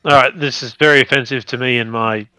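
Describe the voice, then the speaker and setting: A man's voice: medium pitch, steady tone, quick pace, pushed and bright, clean tone. A man making crude, mocking quips while riffing on a movie. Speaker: movie riff commentator. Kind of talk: joking movie commentary.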